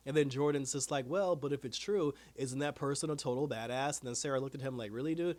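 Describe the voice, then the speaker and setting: A man hosts a casual TV review and talks at a brisk clip in a mid-range voice. He retells the episode with energy, slips into the characters' lines, and keeps laughing along the way. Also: mid-range voice. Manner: animated retelling with quoted voices, profanity, laughs. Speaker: TV review host.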